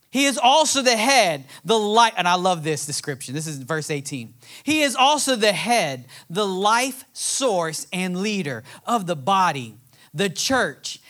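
A man's voice: high-pitched, fairly bright tone. A man preaching a sermon, reading scripture aloud and building to emphatic, passionate points. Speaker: pastor.

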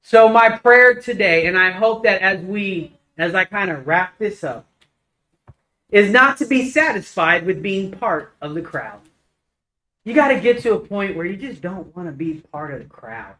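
A man preaching a casual, conversational sermon, telling stories with lively acted-out dialogue. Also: sits high, unhurried, low-quality recording. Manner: animated storytelling, acts out dialogue.

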